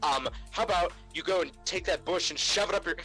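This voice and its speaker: A man's voice: high voice, brisk, bright, forceful tone, soft background music, poor audio. A young man on a podcast, ranting in casual chat about customers at work. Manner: exasperated ranting, mock voices for customers. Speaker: podcast co-host. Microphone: remote call mic.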